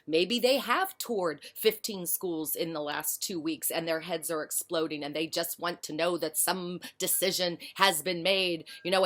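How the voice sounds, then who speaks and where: Frank, low-voiced woman educator. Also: fairly bright tone. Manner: passionate, frank, emphatic. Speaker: early childhood educator speaking to teachers. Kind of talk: casual spoken commentary.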